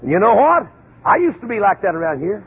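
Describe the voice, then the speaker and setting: A man preaching, husky voice, acting out voices and shouting now and then. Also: sits high, big pitch swings, fast. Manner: folksy, acts out voices and shouts. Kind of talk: folksy sermon storytelling. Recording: dull phone-like lo-fi recording.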